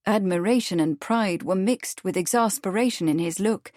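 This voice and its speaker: Woman, audiobook narrator, scripted narration, measured, middle pitch, dry. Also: darkish tone, no room sound.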